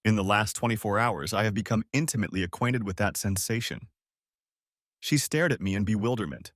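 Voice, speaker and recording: A man's voice: lowish voice, brisk, dry recording, clean studio sound. A man narrating a dramatic first-person audiobook story in a bitter, intense manner.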